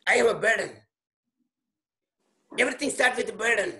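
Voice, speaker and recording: A man pastor preaching a sermon emphatically, breaking in to comment on the scripture reading and sometimes shouting. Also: extremely high pitch, expressive, moderate pace. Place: church.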